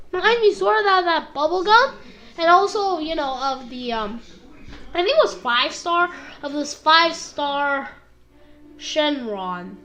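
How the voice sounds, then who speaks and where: A woman's voice: sits high, expressive, crowd noise. A woman casually reviewing an anime episode, rambling with lots of fillers and acting out bits of dialogue. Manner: rambling, full of fillers and quick impressions.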